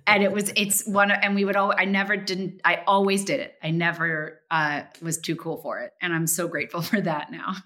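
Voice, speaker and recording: Bright-voiced, animated woman guest. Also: fairly low pitch, normal speed, few pauses. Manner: animated, lively storytelling with acted-out quotes. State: tearful. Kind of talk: casual interview chat.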